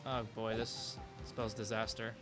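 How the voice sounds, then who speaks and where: A man's voice: lowish voice, flat delivery, measured pace, pitched below the performer's own voice, close to an everyday voice. A man doing a wary young lawyer, dry asides. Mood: wry. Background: game music.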